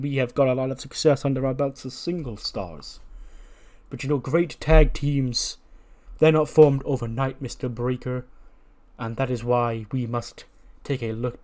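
A man voicing a big male wrestler who speaks slowly and pompously, using fancy words. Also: mid-range voice, darkish tone, lightly acted. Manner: slow, pompous, wordy.

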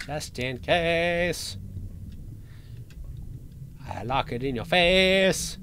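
A man playing a horror game for his channel, joking and taunting the monster he's hiding from, with sudden yells and laughs. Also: sits high, slight background noise. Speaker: gaming channel host. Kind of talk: let's play commentary.

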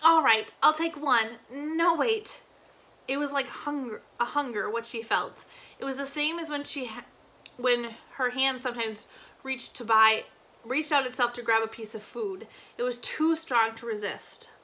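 A woman teacher reads a novel aloud with expressive pacing, lingering on key phrases. Her voice is somewhat high and notably bright. Small slips and restarts show it is read live. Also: moderate pace.

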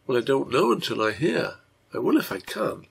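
A man voicing a troubled drunkard father who speaks tenderly to his sick daughter, with a husky, gravelly voice. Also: medium pitch, very animated, moderate pace, pitched above the performer's own voice, exaggerated voice. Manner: gentle, tender.

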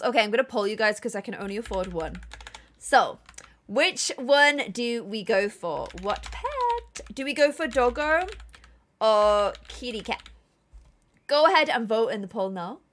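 A woman's voice: fairly high pitch, moderate pace, sharp tone, a little hiss or hum. A woman from England, chatting casually with viewers on a live gameplay stream and reading chat aloud.

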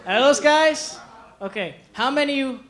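A young man doing a stand-up comedy set on a club stage, animated, slipping into quick voices for the people he quotes, with audience laughter behind him. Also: very high-pitched. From Mexican heritage. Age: young adult. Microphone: handheld stage mic.

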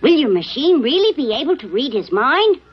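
A woman's voice: high-pitched, big pitch swings, a little fast. A woman voicing a brave, eager boy robot hero in an old cartoon dub. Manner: plucky, eager. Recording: dull old dub with music.

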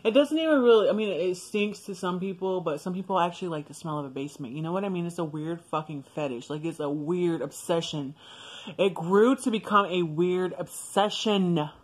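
A woman's voice: lowish voice, fast, few pauses, a little mellow, slightly rough. Profane, laughing young woman vlogger. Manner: blunt, profane, laughs often. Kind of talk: casual storytime monologue.

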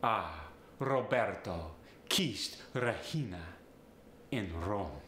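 A man's voice: very slow, reverberant. A man demonstrating a put-on Italian accent in short example sentences, with a staccato, melodic delivery. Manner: staccato, melodic, lively pitch.

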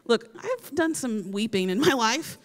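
A young woman giving a casual youth sermon, talking in a relaxed way with many "like" fillers. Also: on the high side, measured pace. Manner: casual, filler-heavy with frequent "like". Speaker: youth speaker. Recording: reverberant hall.

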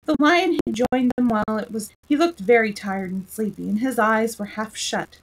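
Woman reading a kids story out loud, kinda high voice, lively. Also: moderate pace, poor audio.

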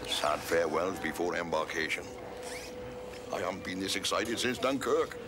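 An actor playing a blustering, pompous rugby official who treats things as war. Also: male voice, low-pitched, lively intonation, moderate pace, very noisy. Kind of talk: film acting.

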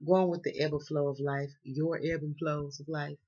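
A woman's voice: low voice, flat delivery, normal speed, dark tone. A woman with a Southern US accent, reading tarot in a casual, slangy, playful way and cussing freely. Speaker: tarot reader. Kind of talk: casual chat. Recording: dull lo-fi sound.

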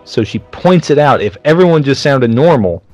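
A man's voice: medium pitch, expressive, moderate pace, a little mellow, dry recording, soft background music. A man co-hosting a casual movie podcast, talking bluntly and sarcastically with plenty of swearing. His voice sits in the middle range and comes across close and dry, with no room around it. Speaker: podcast co-host. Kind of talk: casual movie-review chat.

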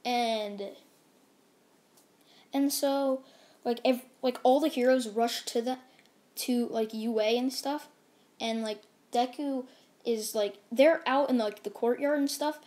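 A woman's voice: on the high side, fairly even intonation, slow, pauses often, a little mellow. A woman casually narrating a fan-made story, rambling and full of fillers.

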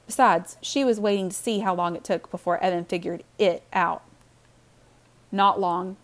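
A woman reading a children's novel aloud with warm, expressive storytelling. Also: on the low side, moderate pace. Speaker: audiobook reader.

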